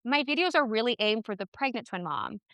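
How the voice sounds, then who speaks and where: A woman guest on a parenting podcast, talking in a passionate, animated way with quick asides. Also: a little high, no echo. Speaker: podcast guest, twin mom. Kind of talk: casual interview chat.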